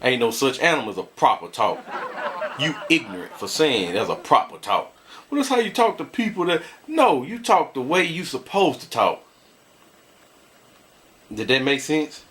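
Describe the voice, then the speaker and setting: A man's voice: medium pitch, sing-song, moderate pace, a bit bright, a little hiss or hum. A married man vlogging, ranting bluntly to his viewers and laughing often as he complains. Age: adult, married. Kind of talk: casual ranting commentary.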